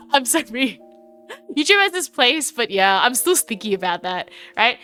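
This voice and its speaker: A woman's voice: on the high side, sing-song, a little slow, pushed and bright, clear, resonant tone, faint music behind. A young Australian woman streaming live, chatting in a rambling way with lots of fillers and restarts. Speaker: VTuber streamer. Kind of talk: casual livestream chat.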